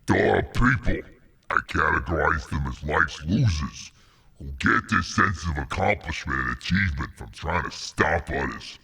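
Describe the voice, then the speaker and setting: Man putting on a scornful tycoon voice, very low, gruff, bright edge. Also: expressive, normal speed, heavily acted. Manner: dismissive, self-assured. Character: gravel-voiced boastful male business mogul, bitter. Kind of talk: reading a book aloud in a put-on voice.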